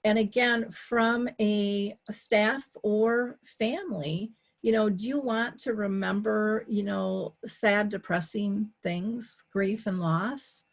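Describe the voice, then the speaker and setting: A woman in a conversational interview, telling her story with energy. She acts out her own quoted thoughts and switches between rapid asides and slow, weighty emphasis. Her pitch sits in an ordinary middle range. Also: steady tone. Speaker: dementia care advocate and talk show host, here as a guest.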